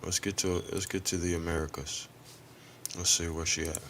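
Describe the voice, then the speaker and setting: A man's voice: low-pitched, little pitch movement, moderate pace, fairly bright tone, a little hiss or hum. A man hosting an online history lesson, commenting casually over a video in a blunt, profane, slangy way and talking straight to his viewers.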